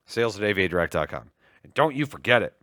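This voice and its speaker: A man's voice: lowish voice, no room sound, clean studio sound. A man co-hosting a casual tech and gaming livestream, joking around and reading sales promos. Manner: joking, animated, reads promos quickly. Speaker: livestream co-host.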